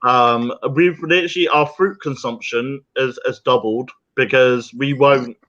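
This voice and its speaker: A man's voice: mid-range voice, a little slow, a bit bright. A man chatting as a guest on a livestream, rambling and jokey and laughing often, heard over a remote call. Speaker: guest, small business owner. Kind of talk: casual chat on a livestream. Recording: dull lo-fi call audio.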